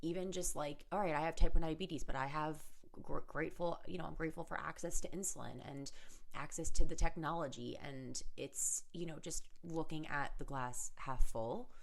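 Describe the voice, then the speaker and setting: Woman host with a very low voice, casual and reflective, interviewing a family member. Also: fairly even intonation, normal speed, gravelly, hardly any pauses. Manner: reflective, many filler words. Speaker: podcast host. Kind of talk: casual podcast conversation.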